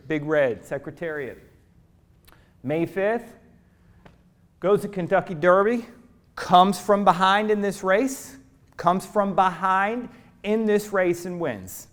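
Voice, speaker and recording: Giving a motivational keynote, this middle-aged man has a high voice and tells his story dramatically. His delivery shifts from quiet asides to booming, preacher-style appeals to the crowd.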